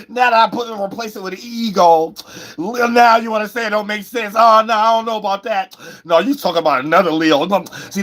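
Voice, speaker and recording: A man giving a rambling, profane livestream tarot reading, with sudden shouts and wild swings. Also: high voice, fast, background noise. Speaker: tarot reader.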